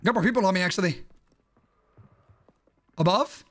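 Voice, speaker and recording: A man's voice: high voice, normal speed, fairly bright tone. A young man streaming a shooter game, trash-talking opponents with joking, swearing banter. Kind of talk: live gameplay commentary.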